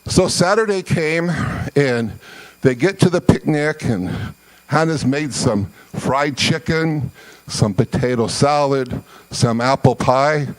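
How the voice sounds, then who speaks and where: A man originally from Scotland telling long storytelling jokes in a folksy, conversational way with drawn-out pauses. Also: mid-range voice, poor audio. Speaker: comedian. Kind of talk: storytelling joke.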